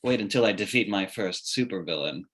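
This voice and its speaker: A man's voice: deep voice, expressive, fairly quick, a bit bright. A man reading a smug oblivious young billionaire. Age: late 20s. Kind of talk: live comedy table read.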